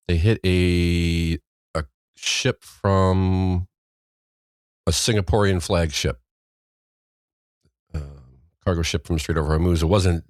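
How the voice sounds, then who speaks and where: Podcast host guy, deep low voice, rambly and dry-humored, close dry mic. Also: dry recording. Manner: rambling, wry, trails off mid-sentence. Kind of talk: casual news chat.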